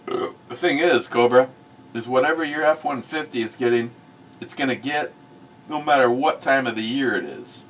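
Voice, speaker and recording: A middle-aged man hosting a casual talk show, blunt and profane, swinging from muttered asides to loud outbursts. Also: mid-range voice, lively intonation, normal speed, far from the mic, slight background noise. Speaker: host of a review show.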